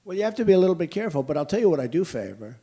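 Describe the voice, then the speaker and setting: A man's voice: fairly high pitch, sing-song, rapid-fire, mellow, breathy edge. Blunt, emphatic older American man. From United States. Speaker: presidential candidate at a rally. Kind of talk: campaign rally Q&A. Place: large indoor venue.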